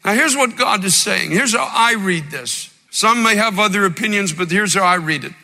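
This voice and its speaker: High-voiced bright preacher in a reverberant hall. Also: male voice, lively intonation, gravelly. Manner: impassioned, rising in pitch and slowing when quoting scripture. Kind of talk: sermon.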